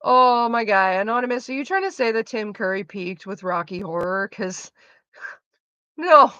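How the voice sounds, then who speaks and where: A woman streamer chatting casually with viewers, animated and profane, with lots of "like" fillers. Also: medium pitch, moderate pace, no room sound. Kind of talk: casual live stream chat. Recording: slightly dull lo-fi sound.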